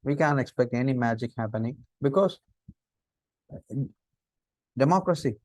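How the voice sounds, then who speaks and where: A middle-aged man with an Indian English accent gives a lecture on interview skills. His voice sits in a middle pitch and swings up to stress key words, and he keeps firing rhetorical questions. The sound is dry and close, with no room echo. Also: expressive, moderate pace, darkish tone. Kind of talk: lecture on interview body language.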